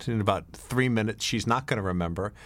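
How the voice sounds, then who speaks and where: A man's voice: fairly low pitch, quick pace, no echo. A middle-aged man giving a rambling film commentary as director, full of fillers and restarts. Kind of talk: DVD commentary.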